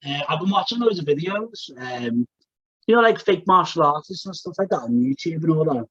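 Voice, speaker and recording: A man's voice: a little high, lively intonation, a little fast, pushed and bright, no room sound. A man co-hosting a podcast in casual chat, joking around and keeps calling people mate. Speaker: podcast co-host. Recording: dry, dull lo-fi sound.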